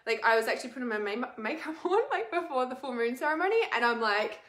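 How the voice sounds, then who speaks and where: A woman's voice: a little high, animated, quick pace, fairly bright tone. A woman talking casually to her viewers in a rambling, emotional way, full of fillers. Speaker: spiritual vlogger. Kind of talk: casual confessional talk to camera. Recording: echoey room.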